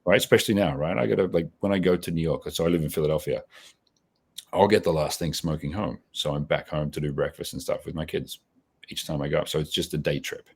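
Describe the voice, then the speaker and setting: A man's voice: a bass voice, fairly even intonation, fast talker, slightly rough. A man in his forties with an Australian accent, answering interview questions in a reflective, casual way with many restarts. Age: 40s. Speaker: podcast guest.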